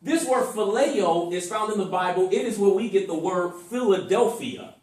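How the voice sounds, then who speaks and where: A man's voice: high-pitched, normal speed, a little mellow, far from the mic. Emphatic man teaching in an echoey room. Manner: emphatic, varies his voice for effect. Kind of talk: teaching a class on love. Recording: echoey room, speaker away from mic.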